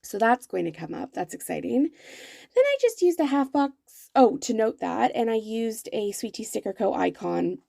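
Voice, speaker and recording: A woman's voice: fairly high pitch, very animated, moderate pace, vocal fry, warm tone, no room sound, studio quality. A young woman chatting her way through decorating a weekly planner, casual and full of fillers and self-corrections, with the hiccups. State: has the hiccups. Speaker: planner vlogger. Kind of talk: voice-over narration of a planner spread.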